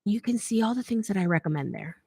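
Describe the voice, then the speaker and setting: A woman's voice: medium pitch, fast, breathy edge, no room sound, clean studio sound. Chatty woman hosting a live Q&A. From United States. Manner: chatty, animated storyteller who often adds "okay?". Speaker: host of a fashion design channel. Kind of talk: live Q&A stream, casual chat.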